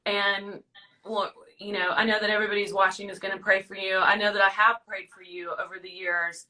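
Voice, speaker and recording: A woman's voice: medium pitch, level tone, a little fast, bright, forceful tone, distant mic, rough recording. A woman hosting a casual livestream chat, encouraging and emotional as she talks. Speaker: host.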